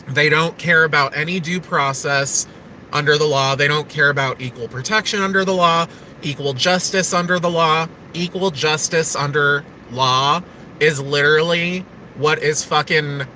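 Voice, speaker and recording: Guy venting on a live stream, swearing a lot, fairly high bright voice, faint street traffic behind. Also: low-quality recording. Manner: angry, profane and emphatic. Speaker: livestreamer. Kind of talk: casual live stream rant.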